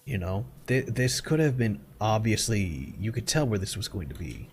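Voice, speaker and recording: A man's voice: lowish voice, big pitch swings, normal speed, a little hiss or hum. A young adult man streaming from home, chatting casually and bluntly while gaming, swearing freely and rambling through his complaints.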